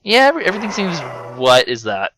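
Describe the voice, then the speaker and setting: A man's voice: high voice, huge pitch swings, fast talker, pushed and bright. A young man giving casual, sarcastic commentary over a video game playthrough. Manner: sarcastic, mocking, joking asides. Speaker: let's play commentator. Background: game music.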